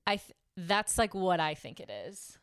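A woman's voice: lowish voice, very animated, measured pace, clear, resonant tone, no room sound, studio quality. A woman in her thirties chatting casually as a podcast co-host, telling blunt, candid stories. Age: 30s. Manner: candid storytelling, blunt, heavy on "like". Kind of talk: casual chat.

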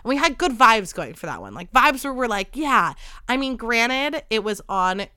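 A woman's voice: a little high, sing-song, normal speed, sharp tone, clear, resonant tone, no echo, studio quality. A woman in her thirties hosting a podcast, telling a rambling casual story with lots of "like" and free swearing. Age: 30s. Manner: chatty, rambling, swears freely, heavy use of "like". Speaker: podcast host.

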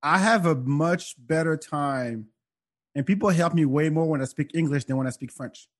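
A man's voice: a little high, moderate pace. A man telling stories in a casual podcast chat, acting out the people in them. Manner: animated, acts out voices in stories. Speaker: comedian guest.

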